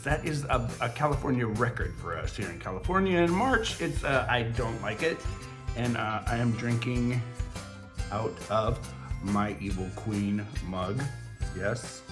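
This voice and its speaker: A man hosting a casual crafting tutorial vlog from his craft table, rambling and chatty with lots of fillers. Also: mid-range voice. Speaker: crafting channel host.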